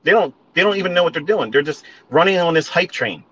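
A man's voice: fairly high pitch, animated, fast talker, sharp tone, slightly rough, lo-fi sound. A man ranting at listeners on a live audio stream, profane and emphatic, repeating his points and calling them folks. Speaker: trading educator.

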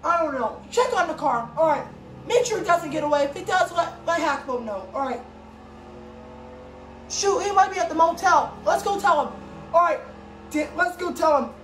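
A woman improvising a toy play, voicing several characters and switching voices, with bursts of shouting. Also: extremely high pitch, lively intonation, moderate pace, long pauses. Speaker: home video creator. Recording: echoey room with faint background noise.

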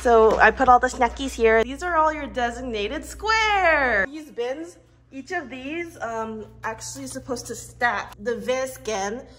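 A woman's voice: high voice, unhurried, a bit bright. Playful giggly young woman vlogger. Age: 20s. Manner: playful, chatty, giggly asides. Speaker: vlogger and illustrator. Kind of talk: casual studio tour vlog. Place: indoor art studio. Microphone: phone camera mic.

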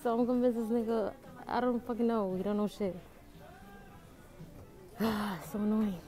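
A young woman from the Dominican Republic narrates a casual vlog on a handheld phone in stores and on the street, blunt, profane and chatty. Her voice is a little high with fairly even intonation at normal speed. Faint music plays behind, and the phone audio picks up loud public background noise.

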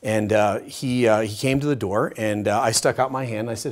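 Animated male preacher telling stories. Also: on the low side, normal speed. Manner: animated storytelling, swings from loud to hushed. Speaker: Bible study teacher. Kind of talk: teaching session sermon.

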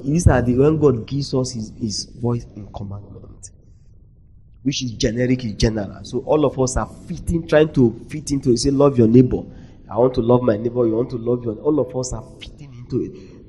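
Preacher, swinging loud to soft. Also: male voice, medium pitch, slight background noise, rough recording. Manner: call-and-response prompts, swinging between loud emphasis and near-whispers. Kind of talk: sermon. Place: conference hall.

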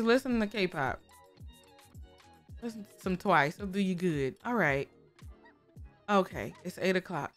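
Woman chatting through her game and talking to the little characters, soft music playing under her. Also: mid-range voice. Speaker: gaming creator. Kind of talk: casual let's-play commentary.

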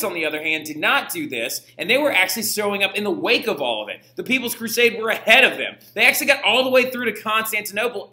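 Young guy teaching history, high bright voice, echoey room, super chatty. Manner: chatty, slangy, frequent "right?". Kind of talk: casual classroom lecture.

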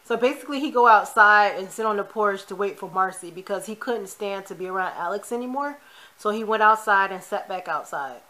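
A woman's voice: mid-range voice, a little fast, sharp tone. A woman chatting casually as she recaps a TV episode, opinionated and quoting the characters as she goes. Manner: chatty, opinionated retelling of scenes; quotes the characters in passing. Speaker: TV recap vlogger.

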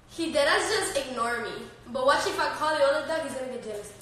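A woman's voice: high voice, expressive, quick pace, few pauses, background noise. A woman hosting a casual live stream on her phone at home, brash, profane and laughing often as she chats and talks to her dogs. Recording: echoey room.

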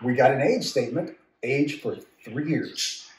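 A man's voice: mid-range voice, lively intonation, a little slow. A man co-hosting a casual whiskey-tasting chat, reading labels aloud and giving his take. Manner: reads bottle labels aloud, chatty. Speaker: podcast co-host reviewing whiskey. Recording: echoey room, mic at a distance, faint noise.

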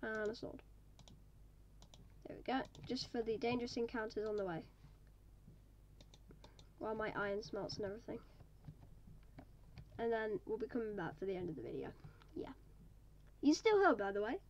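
High-voiced woman chatting over gameplay. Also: lively intonation, moderate pace, pauses often, a little mellow, lo-fi sound, a little hiss or hum. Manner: chatty, talking to viewers while playing. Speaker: gaming video maker. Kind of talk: casual gameplay commentary.

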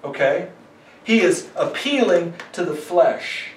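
A high-voiced man preaches as a pastor, talking to his congregation in a loose, conversational way and slipping into quoted voices to make his points. He is recorded from a distance in a roomy, echoing church. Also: lively intonation, slow. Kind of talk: sermon. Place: church sanctuary.

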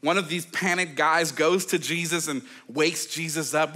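Bright, lively man preaching a sermon. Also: a little high, moderate pace. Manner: animated storytelling, acting out quoted voices; conversational, with many fillers like "like" and "okay". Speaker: pastor.

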